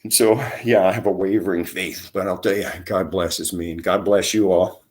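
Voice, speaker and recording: A middle-aged man, his voice sitting a little low. He rambles and swears his way through an angry rant straight to camera, throwing insults as he goes. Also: steady tone, moderate pace, a little mellow. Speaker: vlogger.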